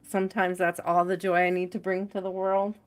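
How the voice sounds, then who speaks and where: A woman's voice: lowish voice, little pitch movement, brisk. A woman hosting a tarot live stream from home, chatting casually, greeting viewers by name and laughing often.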